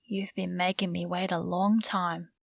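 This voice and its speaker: A woman voicing a smooth, menacing male gang leader in an audiobook. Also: fairly high pitch, steady tone, moderate pace, bright, forceful tone, dry recording, heavily acted.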